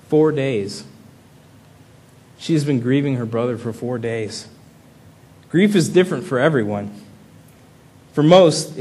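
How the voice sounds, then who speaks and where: A man's voice: mid-range voice, darkish tone. A man preaching an earnest sermon that rises into impassioned pleas.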